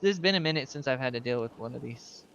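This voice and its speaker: A man's voice: medium pitch, animated, quick pace, fairly bright tone, smooth, highs cut off. A man in a casual roleplay chat, training a new recruit as sheriff, rambling through stories, laughing often and swearing casually. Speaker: streamer playing a sheriff.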